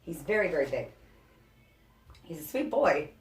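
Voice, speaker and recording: Young woman vlogger, deep speaking voice, chatty and breathless, roomy home echo. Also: very animated, moderate pace. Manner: chatty, laughs often, frequent fillers. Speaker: reptile keeper vlogger. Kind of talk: casual show-and-tell vlog. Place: indoors at home. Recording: echoey home room.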